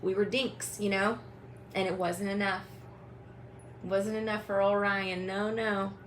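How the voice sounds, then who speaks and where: A woman's voice: mid-range voice, little pitch movement, measured pace, slight background noise, rough recording. A young woman hosting a livestream, ranting angrily and mockingly, swearing and calling out people directly. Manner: angry, profane, mocking, addresses people directly. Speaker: tarot reader hosting a livestream. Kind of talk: livestream rant to viewers.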